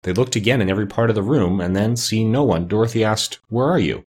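A man narrating a storybook in an expressive, measured reading. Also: on the low side, husky.

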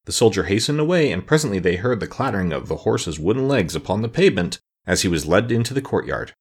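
Husky low-voiced guy reading an audiobook, very lively. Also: fast talker, few pauses. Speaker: narrator. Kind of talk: audiobook narration.

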